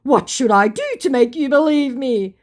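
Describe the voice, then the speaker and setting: A woman's voice: sits high, pitched above the performer's own voice, close to an everyday voice. Woman mimicking a whiny male scammer. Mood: pleading. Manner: wheedling, drawn-out. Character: pleading male online scammer, evasive.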